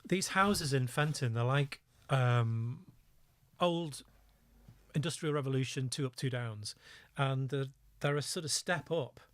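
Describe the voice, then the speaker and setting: A middle-aged man tells his story in a lively, anecdotal way, often laughing at himself. His voice sits at an ordinary pitch. The sound is dry and close, with no room echo. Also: a little slow. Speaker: guest, former undercover police officer. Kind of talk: storytelling in a podcast interview.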